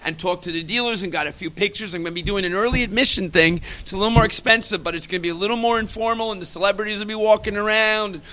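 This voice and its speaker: A man, animated and excitable, telling stories on a casual podcast. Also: high voice, racing, few pauses. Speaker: comic convention organizer, guest. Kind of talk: casual podcast chat, storytelling.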